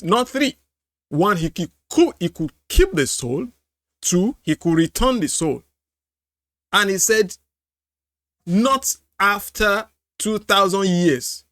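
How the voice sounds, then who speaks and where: A man's voice: high-pitched, dry recording, clean studio sound. A man hosting a reaction show, commenting in a mocking way and often breaking into laughter and repeated exclamations. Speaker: apologetics host reacting to a clip.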